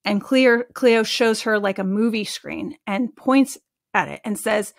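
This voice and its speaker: A woman in her thirties, an animal communicator and medium, telling stories in a casual, animated way as an interview guest, full of "like" fillers. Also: medium pitch, unhurried, vocal fry, dry recording, clean studio sound. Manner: chatty and animated, with frequent "like" fillers.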